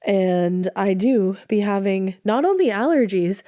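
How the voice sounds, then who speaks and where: A woman's voice: medium pitch, lively intonation, unhurried, mellow, no echo, studio quality. A woman in her twenties co-hosting a chatty podcast, rambling and self-deprecating, congested from allergies. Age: 20s. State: congested, coughing from allergies and asthma. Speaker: podcast co-host. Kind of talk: casual chat.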